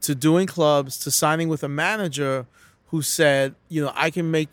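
A man's voice: fairly high pitch, fairly even intonation, normal speed, dry recording. A middle-aged man from New City, telling stories as a comedian guest in a casual interview, acting out quotes with frequent restarts. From New York City.

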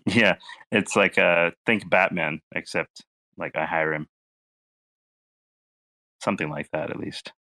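A man's voice: low-pitched, measured pace, pauses often, pushed and bright. A man in offhand, joking casual chat on a group voice call.

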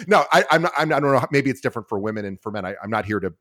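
A man's voice: mid-range voice, very fast, no echo, clean studio sound. A man hosting an interview, chatting casually and acting out quoted lines with lots of stammered restarts. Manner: animated storyteller who acts out quoted lines, stammers on restarts. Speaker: podcast host.

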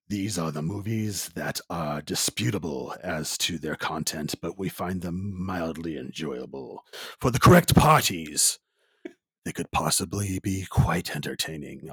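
A man putting on a dramatic male movie-trailer announcer voice, slow and grand. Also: low-pitched, fairly bright tone, slightly rough, no room sound, exaggerated voice. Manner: slow, grand, drawn-out delivery.

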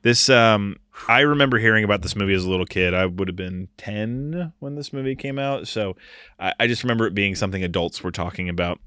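A man's voice: lowish voice, fast, pushed and bright, clean tone, no echo, studio quality. A man in his thirties hosting a podcast, talking casually in a rambling way with lots of filler. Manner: rambling, filler-heavy delivery. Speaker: podcast host.

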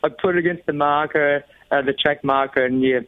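A man's voice: a little high, fairly quick, no room sound. A man as an interview guest, telling stories casually and animatedly, acting out other people's lines with lots of fillers. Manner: animated, acts out quoted voices, frequent fillers. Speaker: guest, off-road racing champion. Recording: tinny phone-like dry line.

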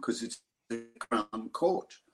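An older Australian actor telling a lively story in an interview, acting out other people's voices. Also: male voice, medium pitch, slow pace, slight background noise. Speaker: actor guest. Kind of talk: interview anecdote.

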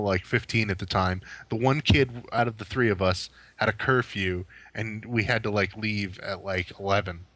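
A man's voice: on the low side, bright, forceful tone, no echo. A man in his forties, a podcast co-host, telling a story in casual chat and swearing freely. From New Jersey.

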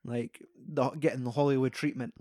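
A man's voice: mid-range voice, normal speed, no echo, clean studio sound. A young man, chatting casually and animatedly about a film, swearing freely. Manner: animated, sweary, acts out quoted lines.

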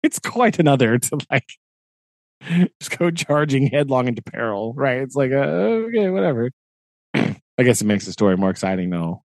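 A man's voice: mid-range voice, animated, moderate pace, no echo, studio quality. A man co-hosting a podcast in casual chat, rambling and tagging his points with "right?". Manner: chatty, peppers talk with "right?" and "like". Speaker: podcast co-host.

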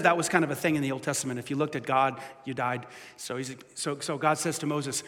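A male pastor giving an animated, conversational sermon with playful asides, speaking in a church hall. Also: medium pitch, fairly quick. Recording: echoey hall.

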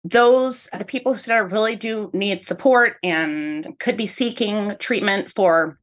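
A woman's voice: medium pitch, unhurried. Earnest woman professor explaining. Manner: earnest, explanatory, repeats "really" often. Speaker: professor of speech-language pathology. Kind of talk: interview answers.

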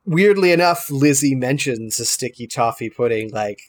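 A man's voice: medium pitch, normal speed, no echo. Chatty male podcast co-host, dry sound. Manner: relaxed, chatty, laughs while talking. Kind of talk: casual chat recapping a TV show.

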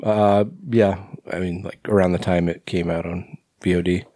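Low-voiced rambling podcast man. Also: little pitch movement, moderate pace, warm tone, dry recording, clean studio sound. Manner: rambling, filler-heavy, swears freely. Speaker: podcast co-host. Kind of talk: casual chat.

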